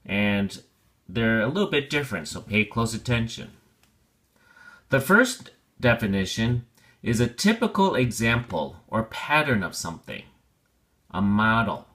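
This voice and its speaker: Man, teacher, vocabulary lesson, deep voice, bright tone, patient explaining. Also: big pitch swings. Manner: patient, explains slowly with examples.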